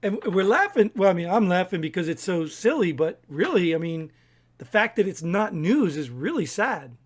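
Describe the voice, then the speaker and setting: A man co-hosting a casual discussion podcast, argumentative and talking in rapid bursts, often clearing his throat. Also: high voice, very animated. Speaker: podcast co-host.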